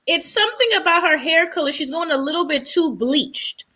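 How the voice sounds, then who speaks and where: A woman's voice: high voice, lively intonation, a little fast, bright, forceful tone. A woman chatting casually as a co-host, sassy and opinionated as she reacts to a reality show. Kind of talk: casual chat.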